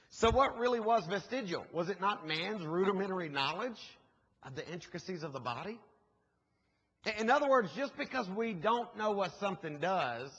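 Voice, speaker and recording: A man's voice: sits high, husky. A man, preaching as a guest speaker and telling a story with jokes and asides to the congregation. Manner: animated, jokey storytelling with asides to the audience. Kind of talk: sermon storytelling. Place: church sanctuary. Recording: muffled, echoey church hall recording.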